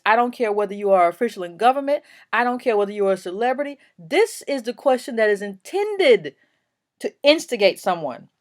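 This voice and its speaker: A woman with a fairly high voice delivers opinion commentary for her own vlog. She speaks emphatically and with indignation, stumbling into fillers and restarts as she pushes her point.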